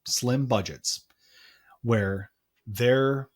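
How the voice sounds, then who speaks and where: A man's voice: medium pitch, very slow, breathy edge. A man co-hosting a marketing podcast, talking casually with many fillers and restarts. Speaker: podcast co-host.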